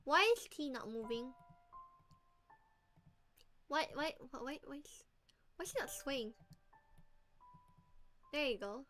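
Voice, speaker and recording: A woman streamer in casual live-stream chat, hoarse, giggling and swearing often with playful mock menace. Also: high voice, lively intonation, takes it slowly, pauses often, bright, forceful tone, faint music behind.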